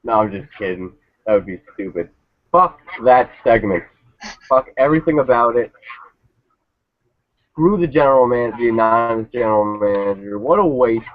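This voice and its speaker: A man's voice: mid-range voice, normal speed, pauses often, no room sound. A man on a casual review panel, ranting with profanity and sarcasm. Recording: tinny phone-like line, dry.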